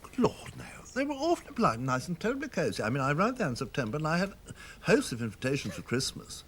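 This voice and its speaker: An older upper-class man chats quickly, his voice bouncing high and low as he tells his tale. A faint hum sits underneath. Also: wildly swooping pitch, a bit bright. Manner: upper-class, chatty, self-deprecating. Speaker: titled guest.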